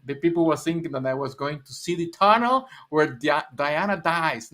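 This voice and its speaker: Older mexican guy, spanish accent, rambly and giggly, slightly high voice. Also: animated, moderate pace, few pauses, pushed and bright. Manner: rambling, laughing, repeating words. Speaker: livestream guest. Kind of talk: casual chat.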